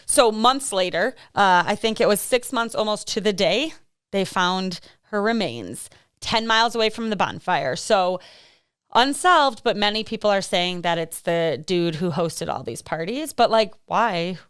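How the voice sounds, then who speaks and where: A woman's voice: mid-range voice, expressive, a little slow, a bit bright, clear, resonant tone, dry recording, clean studio sound. A woman, co-hosting a podcast and telling true-crime stories in a rambling, chatty way with frequent laughs and fillers. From American Midwest. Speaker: podcast co-host. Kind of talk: casual true-crime chat.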